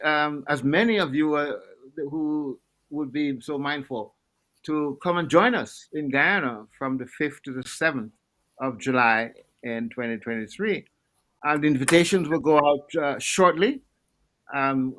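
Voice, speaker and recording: A man speaking as a panelist on a video-call webinar, answering earnestly and inviting people warmly, with many fillers. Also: mid-range voice, poor audio.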